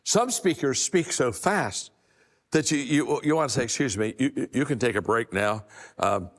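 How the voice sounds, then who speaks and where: A man's voice: mid-range voice, expressive, moderate pace, in a large hall. An older man giving a folksy motivational talk on communication and leadership, often repeating his first words as he starts a sentence. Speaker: leadership speaker.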